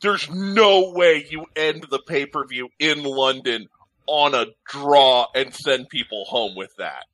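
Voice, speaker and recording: A man chatting excitedly about wrestling on a podcast, giving exasperated opinions. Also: mid-range voice, slow pace, no room sound, low-quality recording. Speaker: podcast co-host. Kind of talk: casual wrestling chat.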